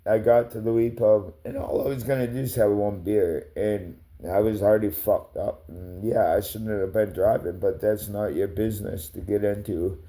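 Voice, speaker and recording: A man's voice: lowish voice, fairly even intonation, moderate pace, few pauses, mellow. A man ranting in a rambling, confrontational way, swearing heavily and calling out people by name. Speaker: livestreamer. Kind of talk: rambling angry rant.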